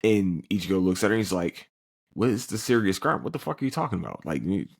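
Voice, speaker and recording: A man recaps an anime episode in a loose, profane podcast chat. His voice sits fairly low, and he keeps slipping into quick, exaggerated character voices. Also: gravelly, breathy edge. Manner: animated storyteller who acts out characters in quick put-on voices; swears freely, loose and joking.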